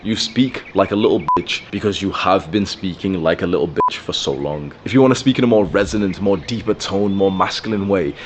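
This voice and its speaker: Very deep-voiced young man, blunt and profane. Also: brisk, few pauses, noisy background. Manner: blunt and profane, with frequent fillers. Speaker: self-improvement creator. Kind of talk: casual advice monologue.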